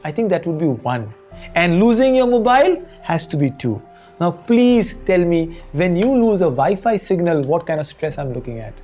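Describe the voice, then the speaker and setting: A woman's voice: on the low side, big pitch swings, moderate pace, mellow, dull audio, faint music behind. A woman with an Indian English accent presenting a motivational lesson, firing rhetorical questions at the audience. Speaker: education show presenter.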